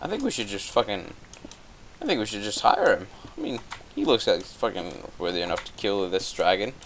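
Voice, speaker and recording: A man's voice: fairly low pitch, very animated, brisk, a little hiss or hum. A young man quoting a pompous, scheming male lord who barks orders, in his own casual voice. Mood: bossy. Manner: bossy, announcing.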